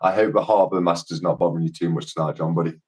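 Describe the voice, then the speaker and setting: A man's voice: low voice, fairly even intonation, rapid-fire, a little mellow. A laid-back English man co-hosting a livestream, chatting casually and laughing a lot. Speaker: livestream co-host.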